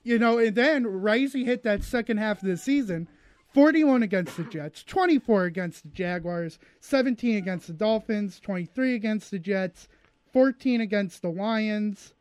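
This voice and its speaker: A man's voice: sits high, animated, normal speed, darkish tone, clear, resonant tone. A man co-hosting a sports talk show, listing statistics with many hesitant fillers. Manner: lists stats, hesitant fillers. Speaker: sports radio co-host.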